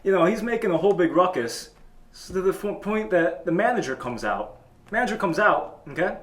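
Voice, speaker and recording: A man hosting a comedy talk show, telling a boastful tall tale in a deadpan way. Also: sits high, brisk. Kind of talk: comedic storytelling. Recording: echoey room.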